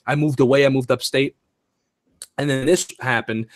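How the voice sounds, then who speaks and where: A man hosting a casual live-stream chat, laid-back and quick to swear. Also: mid-range voice, steady tone, dry recording. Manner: laid-back, profane, laughs often. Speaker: host.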